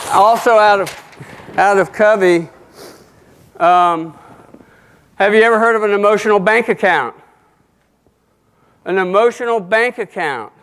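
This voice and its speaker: A man's voice: high-pitched, a bit bright, smooth. A middle-aged man speaking at a conference, folksy and joking, acting out short dialogues as he talks. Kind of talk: motivational talk to an audience. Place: conference hall.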